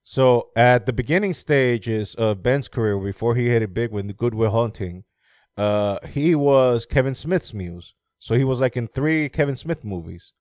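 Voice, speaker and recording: A man's voice: medium pitch, unhurried, no echo, clean studio sound. A man chatting casually about movies, rambling, laughing often and swearing freely. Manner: animated when mocking movie scenes.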